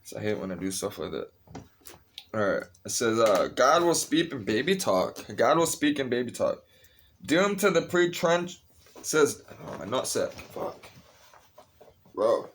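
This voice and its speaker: A man's voice: mid-range voice, very animated, moderate pace, slight background noise. A blunt, swearing man reading scripture. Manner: profane, blunt asides between readings; restless, interrupts himself and restarts phrases. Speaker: Bible reader. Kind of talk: casual scripture reading with commentary.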